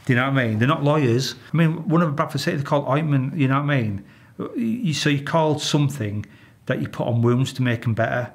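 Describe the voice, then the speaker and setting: A man's voice: medium pitch, lively intonation, fast talker. A man with a Yorkshire accent, a retired police officer telling stories in an interview, blunt and exasperated, swearing freely. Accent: Yorkshire English. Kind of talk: candid interview storytelling.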